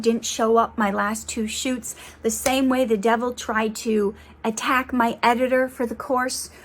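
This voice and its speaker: A young woman with a slightly high voice talks straight to her viewers in a casual motivational vlog. She is earnest and encouraging, speaking about faith and trust. Her sentences often restart as she gathers her thoughts. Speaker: motivational vlogger.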